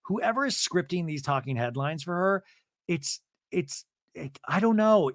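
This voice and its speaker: A man's voice: a little high, measured pace, no room sound. A man hosting a podcast, recapping a reality show in a casual, rambling, laughing comedic style. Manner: animated, rambling, laughs often. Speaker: podcast host.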